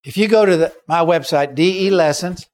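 Animated male preacher, fairly high voice. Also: brisk. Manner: animated, acts out quoted voices and shouts. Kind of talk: sermon storytelling.

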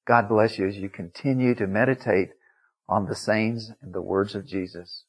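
A man's voice: lowish voice, fairly even intonation, normal speed, breathy edge. A male preacher giving a sermon in an emphatic storytelling manner, acting out the quotes in his story.

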